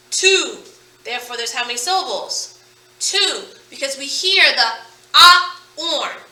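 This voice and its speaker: A woman teaching a phonics lesson to children, sounding out words slowly and with emphasis. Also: high voice, sharp tone, distant mic, a little hiss or hum. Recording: echoey room, voice from off-mic.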